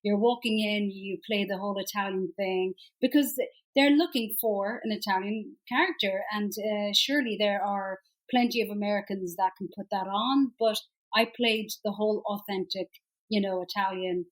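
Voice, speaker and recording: Lively chatty Irish woman. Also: mid-range voice, normal speed, rough recording. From Ireland. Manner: lively, chatty, laughs easily. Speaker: actress, guest. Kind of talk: casual interview chat.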